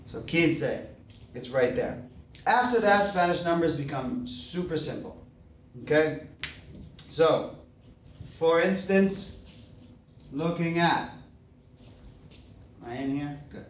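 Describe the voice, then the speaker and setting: Slow, careful man teaching in echoey room. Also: fairly high pitch, a little hiss or hum. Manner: slow, spelling words out carefully, stressing each syllable. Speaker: Spanish teacher. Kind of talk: classroom-style lesson. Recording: echoey room, mic far off.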